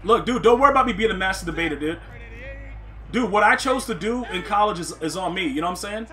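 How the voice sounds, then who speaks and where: Hyped-up streamer guy, high sharp voice, slangy play-by-play, cracking up at the game and chatting with viewers. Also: fast talker, soft background music. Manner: excitable, slangy, laughs a lot, talks to chat. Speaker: gaming streamer. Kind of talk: casual live gameplay commentary.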